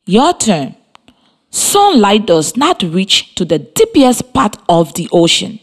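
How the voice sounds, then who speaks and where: A woman with a Liberian English accent, teaching a scripted radio lesson for children and spelling words out slowly letter by letter. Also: mid-range voice, sing-song.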